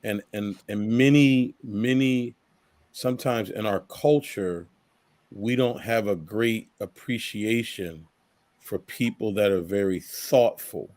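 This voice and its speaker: A man, a guest on a talk show, speaking as a parent in a thoughtful, measured way. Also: fairly low pitch, darkish tone, no echo. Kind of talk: casual interview chat.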